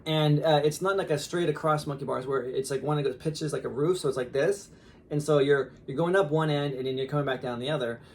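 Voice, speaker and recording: A man in his thirties, a father, telling a story casually on a podcast in an animated way with lots of fillers. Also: on the high side, brisk, slight background noise. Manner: animated, laughing, lots of fillers and quoted asides.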